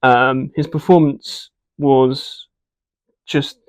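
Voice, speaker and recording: A man giving a casual, unscripted movie review, hesitant and filling pauses with ums and uhs while voicing frank opinions. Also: mid-range voice, level tone, clear, resonant tone.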